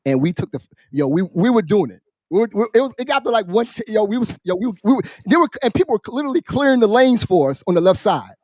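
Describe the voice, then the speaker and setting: Fast-talking animated man telling a story. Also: sits high, no room sound, clean studio sound. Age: adult, military veteran. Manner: animated, profane, acts out quoted voices. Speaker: podcast co-host. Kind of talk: casual storytelling chat.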